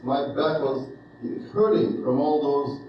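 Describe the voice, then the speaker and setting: Russian-accented man telling a slow, wry anecdote. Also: mid-range voice, highs cut off, slight background noise. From Soviet Union. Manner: wry, chuckling, unhurried with many fillers. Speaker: storyteller. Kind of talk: personal anecdote storytelling. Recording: very echoey room, distant mic.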